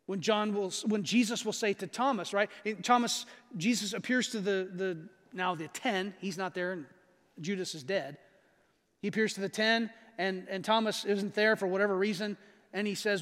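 A man's voice: high-pitched, normal speed, a bit bright, in a large hall. A man preaching a sermon to his congregation in a conversational way, often checking in with "right?". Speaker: pastor.

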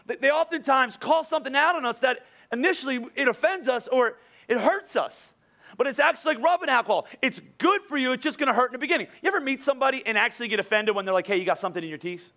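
A middle-aged man, a pastor, preaching a sermon with animated storytelling, quoted dialogue and rhetorical questions. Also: very high voice, fast.

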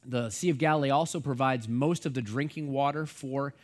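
A man's voice: medium pitch, brisk. A middle-aged man from the United States, a pastor teaching the Bible in a casual, rambling way full of fillers and asides.

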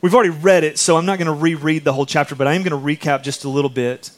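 Speaking rapid-fire in a slightly high voice, this pastor delivers his sermon conversationally. He brings his stories to life by performing the quoted lines.

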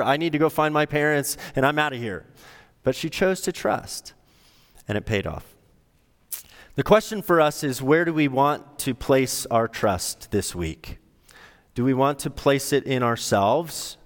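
A man's voice: mid-range voice, smooth. A middle-aged man preaching a sermon as a pastor, telling a story in a conversational way with shifting emphasis. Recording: long hall reverb.

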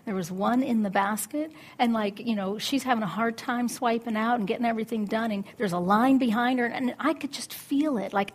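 A middle-aged woman preaching a sermon, telling a story with lively acted-out inner dialogue. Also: mid-range voice, slightly rough. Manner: animated storytelling, acts out her own inner voice.

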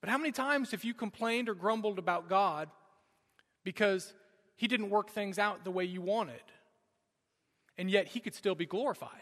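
A man in his thirties preaching a sermon and telling a personal story with dramatic shifts between urgent and hushed delivery. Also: sits high, normal speed, pauses often. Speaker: pastor. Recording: long hall reverb.

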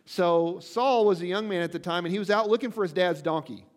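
A male pastor delivers a sermon in a high, light voice, talking to the congregation like a friend and checking in with a quick "right?" He reads scripture aloud and breaks off for wry asides. His voice carries a long reverb, as if filling a large worship hall. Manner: conversational, often checks in with "right?".

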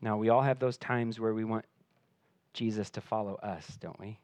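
A man gives an earnest sermon as pastor at normal speed, with fairly even intonation overall, though he still builds pitch and force for emphasis before dropping softly. He tends to repeat words as he restarts, and no room sound is audible.

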